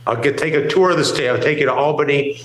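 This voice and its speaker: A man's voice: fairly high pitch, fast talker, a bit bright, reverberant, low-quality recording. A man from New York co-hosting a talk show, rambling emphatically and acting out what other people say. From New York, USA. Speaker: co-host. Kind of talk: casual market talk show banter.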